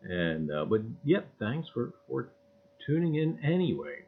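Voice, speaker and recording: A man's voice: medium pitch, sing-song, unhurried, vocal fry, breathy edge. A middle-aged man hosting a casual livestream, greeting viewers by name in a folksy, rambling way and often saying "I tell you what". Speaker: livestream host. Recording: tinny phone-like audio.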